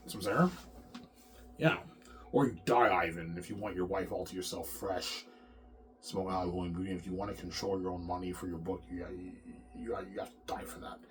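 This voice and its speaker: A man's voice: deep voice, a little hiss or hum. Agitated, profane man rambling. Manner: agitated, profane, repeats words. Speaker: vlogger. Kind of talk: rambling monologue to the camera.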